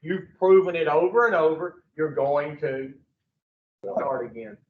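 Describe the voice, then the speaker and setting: Recovery group leader, male, high-pitched and unhurried, blunt and cussing; roomy, distant, dull recording. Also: lively intonation. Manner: blunt, profane, quizzes the group. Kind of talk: teaching a recovery class. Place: room with a group.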